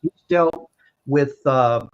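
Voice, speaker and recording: A man's voice: mid-range voice, takes it slowly, highs cut off. An older man hosting a casual talk show, talking in a chatty, rambling way with restarts and little jokes. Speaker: show host.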